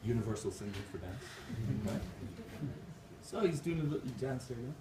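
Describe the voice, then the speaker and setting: A man giving a motivational conference keynote, animated and jokey, speaking straight to the crowd. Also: medium pitch, a little fast. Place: conference hall. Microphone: distant camera mic. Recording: echoey hall, distant mic, noisy room.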